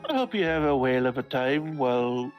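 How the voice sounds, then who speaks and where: A player voicing a pompous upper-class gentleman during a fan reading of a game, with stately, old-fashioned phrasing. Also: mid-range voice, very animated, brisk, faint music behind, close to an everyday voice. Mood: cordial.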